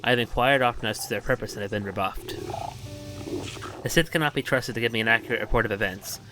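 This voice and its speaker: A man's voice: lowish voice, fast talker, music in the background, natural voice, poor audio. A man reading the lines of a formal, worried male alien official in his own voice. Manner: formal, earnest.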